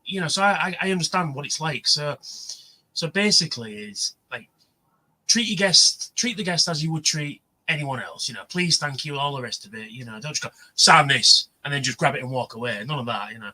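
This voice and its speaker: A man's voice: fairly high pitch, lively intonation, brisk, sharp tone, low-quality recording. A man telling rambling stories in a casual livestream chat, full of fillers. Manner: rambling, chatty storyteller with many fillers. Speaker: livestream co-host. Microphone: livestream mic.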